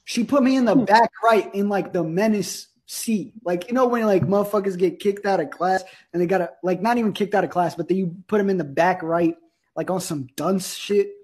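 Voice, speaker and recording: A young man from Russia telling a profane, comic story about school in a deadpan way, acting out the people in it. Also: sits high, a little fast, husky. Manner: profane, deadpan, animated quoting. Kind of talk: comedic storytelling.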